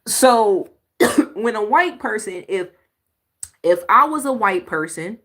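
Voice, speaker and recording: A woman's voice: mid-range voice, expressive, slow, a bit bright. A woman hosting a reaction video, giving blunt, emphatic commentary on clips with sighs and exclamations.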